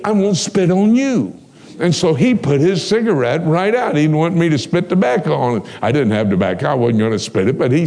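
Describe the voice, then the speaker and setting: A man preaching a sermon, telling personal stories with animation and acting out the dialogue. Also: medium pitch. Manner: animated storyteller, acts out dialogue.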